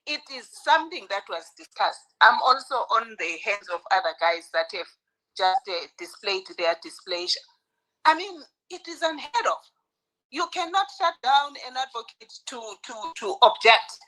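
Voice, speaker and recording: A woman's voice: fairly high pitch, sing-song, normal speed, pushed and bright, low-quality recording. A woman from South Africa on a podcast panel, speaking with heated, emphatic indignation. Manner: indignant, emphatic, stacks up complaints. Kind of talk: heated casual commentary.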